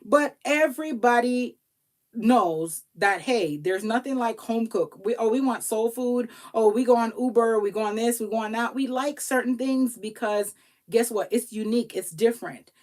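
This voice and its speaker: A woman tax professional giving casual motivational advice to viewers, animated and pleading, acting out little quoted exchanges. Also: fairly high pitch, moderate pace. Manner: pleading, repeats herself for emphasis. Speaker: tax professional and business coach.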